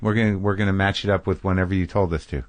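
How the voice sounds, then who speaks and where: A man's voice: deep voice, fairly even intonation, racing. A man hosting a casual interview, chatting easily and dropping in short affirmations. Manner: conversational, frequent short affirmations. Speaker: podcast host. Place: garage studio.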